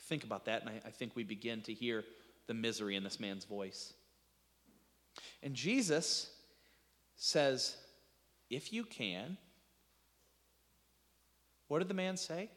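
A man preaching a sermon as pastor, stumbling over restarts and swinging between loud outbursts and hushed asides. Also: mid-range voice, expressive, slow pace, pauses often, long reverb tail. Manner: impassioned preaching with repeated restarts and dramatic drops to near-whispers.

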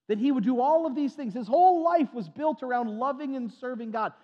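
High, lively preacher man in an echoey hall. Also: moderate pace, hardly any pauses, muffled recording. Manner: emphatic and repetitive, stutters on restarts, folksy humor. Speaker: pastor. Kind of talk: sermon.

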